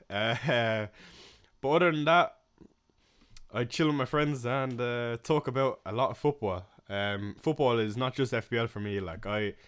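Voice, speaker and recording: A young man from Ireland talks loosely through viewer questions on a live stream. His voice is smooth and clean, pitched in the middle, and he rambles with plenty of ums and uhs. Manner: relaxed, rambling, filler-heavy. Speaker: livestream host answering chat questions. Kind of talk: casual live Q&A chat.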